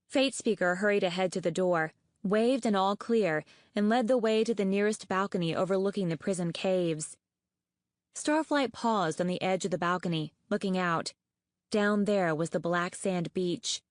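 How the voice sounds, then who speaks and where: A woman narrating an audiobook in a steady, even storytelling manner. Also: mid-range voice, dry recording, studio quality.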